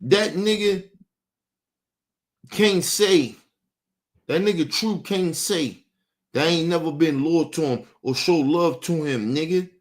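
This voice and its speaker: A man's voice: a little high, takes it slowly, pauses often. A man hosting a show, ranting angrily in with heavy swearing and a lot of repetition. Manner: angry, repeats himself, swears heavily. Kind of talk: heated on-air rant.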